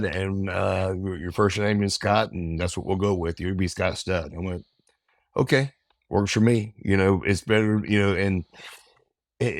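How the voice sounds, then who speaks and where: A man in his fifties, a guest in an interview, telling stories in a relaxed, rambling way and acting out quotes. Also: sits low, dry recording, studio quality. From American South. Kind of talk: casual storytelling.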